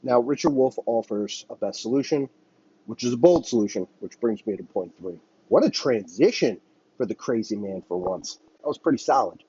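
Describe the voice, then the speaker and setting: Husky-voiced man on a profane, heated rant. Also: mid-range voice, expressive, normal speed, mellow, muffled recording. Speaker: podcast host. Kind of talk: solo political commentary rant.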